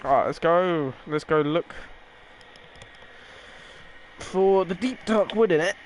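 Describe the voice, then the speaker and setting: A man's voice: high-pitched, expressive, takes it slowly, slight background noise, low-quality recording. A young man giving sweary, offhand let's-play commentary as a gaming streamer. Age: young adult. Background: game music.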